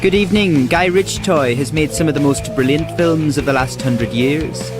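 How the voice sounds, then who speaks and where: An actor playing a formal, polite interviewer in a comedy sketch clip. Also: male voice, a little high, moderate pace, lightly acted. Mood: earnest. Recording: clip with loud music behind.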